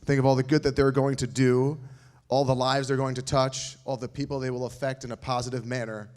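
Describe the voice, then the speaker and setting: A man's voice: mid-range voice, flat delivery, a little fast, a little mellow. Guy on a school stage cracking dad jokes and cheering on the seniors, normal mid voice. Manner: joking, encouraging, playful asides. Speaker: school staff speaker at an awards night. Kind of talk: speech to an audience.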